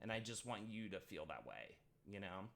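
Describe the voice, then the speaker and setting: A man's voice: sits low, very animated, moderate pace, gravelly. A young man hosting a casual livestream, joking around and then speaking earnestly and heartfelt to his wife. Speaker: streamer host.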